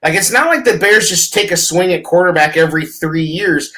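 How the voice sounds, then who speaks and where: A man co-hosting a casual sports talk show who talks in an excited, profane, animated way. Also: sits high, a little fast, low-quality recording. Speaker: podcast co-host.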